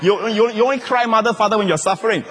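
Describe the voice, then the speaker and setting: A middle-aged man preaching a lively, humorous sermon as a pastor. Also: high-pitched, fast talker, long reverb tail, noisy background. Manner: animated, humorous preaching with laughter.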